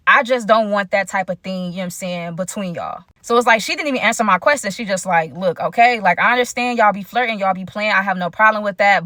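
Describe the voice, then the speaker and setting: Young woman storyteller, bright and forceful, animated and slangy, dry close sound. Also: medium pitch, no room sound. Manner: animated, chatty, slangy, talks straight to viewers. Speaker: storyteller vlogger. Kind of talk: casual storytime narration.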